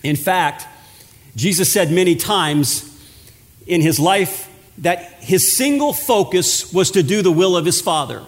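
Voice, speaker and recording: A man delivers a sermon from the pulpit, his voice pitched high for a man. He stretches key words and pauses for weight, and a long hall reverb trails behind each phrase. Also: lively intonation. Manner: preaching with dramatic pauses and drawn-out words. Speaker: pastor.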